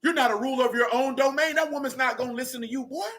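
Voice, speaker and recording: A man's voice: very high voice, fast, a bit bright. A man leading a casual Bible study, blunt and slangy as he preaches and rants.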